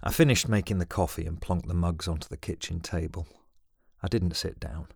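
Male story reader, lowish voice, wry and exasperated, dry sound. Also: brisk, vocal fry, husky, no echo. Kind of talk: story reading.

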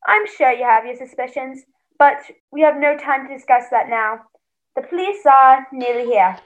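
A woman playing a brisk theatrical butler. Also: sits high, lo-fi sound, lightly acted. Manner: fast, theatrical recap of events. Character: butler narrating the murder case, brisk and theatrical. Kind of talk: stage play acting.

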